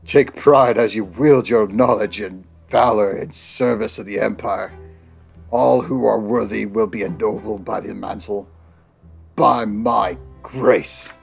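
Man playing a slow, stately old emperor. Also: lowish voice, vocal fry, slightly rough, soft background music, exaggerated voice. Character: benevolent older male emperor addressing subjects.

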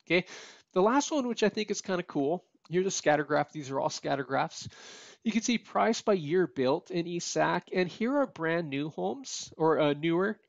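A man's voice: fairly high pitch, animated, normal speed, creaky, no room sound, lo-fi sound. Tired man walking through a spreadsheet. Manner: conversational, frequent "okay?" and "you know" asides. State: tired, yawning. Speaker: real estate appraiser teaching a data tutorial. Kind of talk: casual screen-share walkthrough.

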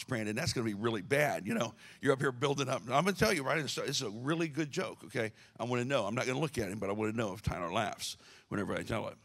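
A man's voice: fairly low pitch, vocal fry, a bit bright. A male pastor giving a casual, joking sermon to his church, with many restarts. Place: church sanctuary.

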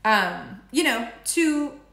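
A woman's voice: a little high, expressive, very slow, gravelly, a bit bright. A woman giving a casual horoscope and tarot reading, playful and chatty, wandering off on tangents and swearing now and then. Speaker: astrology and tarot reader. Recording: echoey room.

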